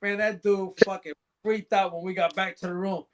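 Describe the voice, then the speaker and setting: A man's voice: high-pitched, fairly even intonation, normal speed. A man on a podcast as a guest, telling rambling, profane anecdotes in casual chat and laughing along.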